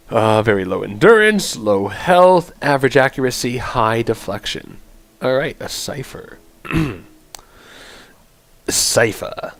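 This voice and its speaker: A man hosting a let's play, with a lively voice that moves up and down a lot. He reads game text aloud, trips over strange words and thinks out loud between choices. The recording is dry and close, with no room sound. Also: mid-range voice, normal speed, no echo. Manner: thinks aloud, stumbles over odd words while reading. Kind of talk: casual gameplay commentary and reading game text aloud.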